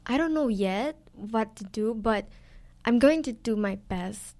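A woman's voice: a little high, animated, unhurried, a little mellow. A young woman from the Philippines, an orchestra scholar speaking eagerly and enthusiastically in an interview. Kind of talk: interview conversation.

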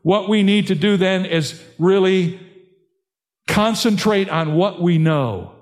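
An older man, a pastor, preaching an earnest sermon that climbs in pitch and force on key points. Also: slow pace, in a large hall.

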